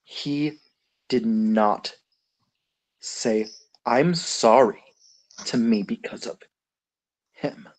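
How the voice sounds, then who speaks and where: A man playing a vicious young man who speaks slowly and grudgingly in a low voice, a little distant from the mic. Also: a little mellow. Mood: bitter.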